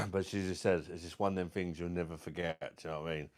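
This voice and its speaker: Deep-voiced rambling man, casual swearing. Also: fairly even intonation, fast talker. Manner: rambling, swears often, laughs through stories; keeps saying "do you know what I mean". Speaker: beer review vlogger. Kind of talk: casual storytelling chat.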